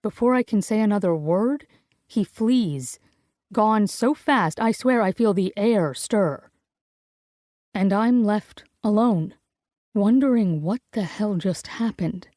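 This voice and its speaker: A young woman reads a first-person romance audiobook, close and intimate. Her voice sits mid-pitch and sounds dry and close with no room echo. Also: lively intonation, slow, mellow. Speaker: audiobook narrator.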